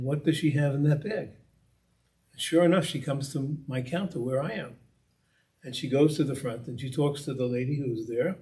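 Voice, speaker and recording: A man's voice: medium pitch, mellow. A man giving a conversational storytelling talk as a guest speaker, repeating and restarting phrases and building up emphasis.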